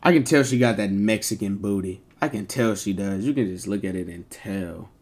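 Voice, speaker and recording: A man's voice: on the low side, normal speed, a little mellow. A man livestreaming, chatting casually to his viewers in rambling slang full of swearing.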